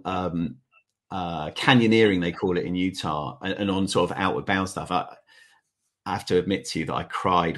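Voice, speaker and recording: A man talking as a podcast guest, telling lively stories and laughing often in a loose, conversational way. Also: lowish voice, husky. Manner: animated storyteller, laughs often. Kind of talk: conversational interview.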